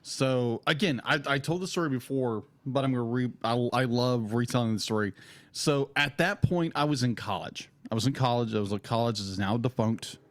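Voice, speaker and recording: A man in his thirties co-hosting a casual film review podcast, excitable and rambling as he tells stories. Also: mid-range voice, brisk. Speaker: podcast co-host.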